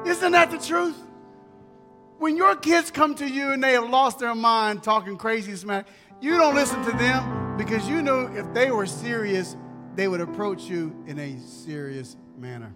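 A man's voice: high voice, big-room sound. A man pastor preaching a sermon in a church sanctuary, talking conversationally and repeating key phrases.

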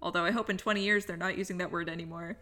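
A woman's voice: fairly low pitch, steady tone, very fast, sharp tone. A woman co-hosting a podcast, chatting enthusiastically through an episode recap, laughing often and acting out the characters' lines. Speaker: podcast co-host. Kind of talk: casual episode recap chat.

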